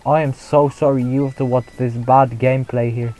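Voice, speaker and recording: A young man chatting casually while streaming a game, mocking his own play, reacting out loud and laughing often. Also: medium pitch, little pitch movement, moderate pace, low-quality recording. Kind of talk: casual live gameplay commentary.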